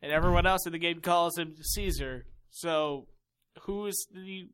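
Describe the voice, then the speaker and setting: A man's voice: a little high, unhurried, a bit bright, clear, resonant tone. A young man co-hosting a casual comedic chat, dropping dry quips. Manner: dry quips and short interjections. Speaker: co-host.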